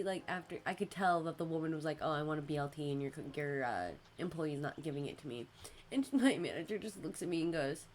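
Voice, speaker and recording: A young woman chats on her podcast, spinning customer stories and mimicking callers in high, exaggerated voices. Her own voice sits a little low for a woman, and a faint hiss of room noise runs underneath. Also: normal speed. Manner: animated storyteller, acts out customers in high voices, laughs often. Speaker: podcast host. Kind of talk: casual chat.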